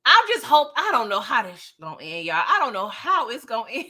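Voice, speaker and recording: Casting note: woman, bright, higher-pitched voice, animated recap host who keeps checking in with "okay?". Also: a little fast, few pauses. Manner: animated, tags lines with "okay?"; laughs often while talking. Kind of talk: casual recap commentary.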